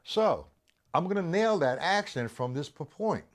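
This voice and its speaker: A middle-aged man leads a live-streamed drum lesson. His pitch rises and falls freely as he explains sticking patterns and talks to viewers. His tone is animated and instructive. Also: a little slow. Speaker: drum teacher.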